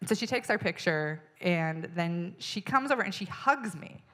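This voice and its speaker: Woman stand-up comic with a lowish voice, animated storyteller, exasperated, acts out the people she talks about. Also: normal speed. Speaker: stand-up comedian. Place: stage in front of an audience.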